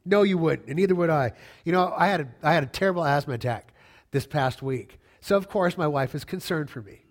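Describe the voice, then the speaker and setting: This middle-aged man, preaching as a pastor, speaks fairly quickly in a slightly high voice. His sermon is emphatic yet conversational, returning to key phrases and trading casual jokes with the congregation.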